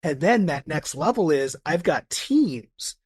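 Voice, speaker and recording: An enthusiastic man talks as a guest in a casual podcast conversation, piling up stories and restarting his thoughts. His voice sits a little high with a husky edge. The sound is close and dry. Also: very animated, slow pace, no echo. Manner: eager, enthusiastic storyteller with many restarts. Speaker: guest, personality coach.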